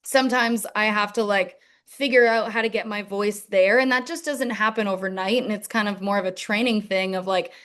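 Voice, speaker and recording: A woman's voice: medium pitch, steady tone, moderate pace, hardly any pauses, fairly bright tone. Chatty young woman, full of fillers. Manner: rambling, many "like" fillers. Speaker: musician guest. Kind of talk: casual interview chat.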